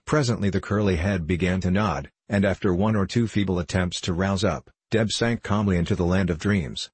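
A man narrating an audiobook in a measured, even reading. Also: low voice, breathy edge, no room sound.

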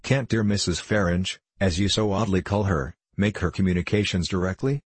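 A man reading the part of a sharp, proud young governess, speaking with cutting scorn. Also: sits low, moderate pace, slightly rough, dry recording. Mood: scornful. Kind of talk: audiobook reading.

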